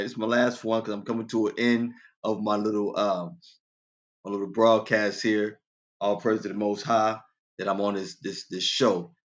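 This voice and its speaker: A man's voice: a bit bright, highs cut off. A man hosting a casual radio show, telling dad jokes, laughing at his own punchlines and talking straight to his listeners. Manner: quoted voices go far higher in pitch.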